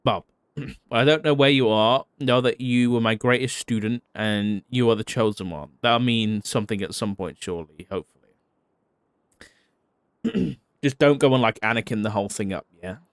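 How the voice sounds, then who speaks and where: A man's voice: mid-range voice, normal speed, clear, resonant tone, dry recording, studio quality. A man reading a farewell letter aloud in a role-play, heartfelt but salted with wry, profane asides.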